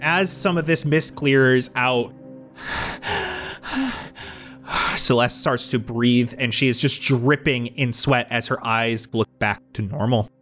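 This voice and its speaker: A man narrating a tabletop game as game master, in a measured, descriptive way. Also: medium pitch, a bit bright, faint music behind.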